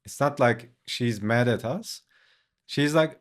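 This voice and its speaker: A man with a medium-pitched voice tells a story at a slow, unhurried pace, and English is not his first language. He talks loosely and casually, filling his lines with "like," throwing in swear words and chuckling as he goes. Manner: laid-back, leans on "like", swears, laughs often. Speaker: artist streaming while drawing a comic.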